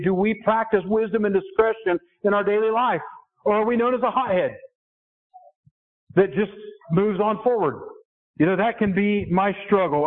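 A middle-aged man preaching a sermon earnestly, asking his listeners questions. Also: high-pitched. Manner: earnest, asks the congregation questions. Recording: tinny phone-like sound.

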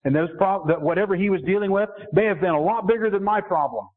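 A man's voice: high voice, quick pace. A middle-aged man preaching a sermon earnestly, asking his listeners questions. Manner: earnest, asks the congregation questions. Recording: tinny phone-like sound.

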